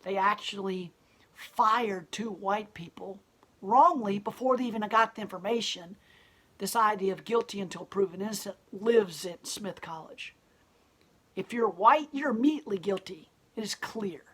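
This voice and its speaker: A woman's voice: mid-range voice, normal speed, fairly bright tone, slightly rough. A woman who owns a gallery speaks bluntly and defiantly in an impassioned interview monologue. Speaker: gallery owner and protester.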